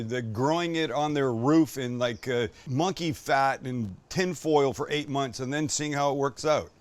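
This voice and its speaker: A man hosting a casual cooking show in a kitchen, enthusiastic and joking, swearing casually as he cooks. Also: medium pitch.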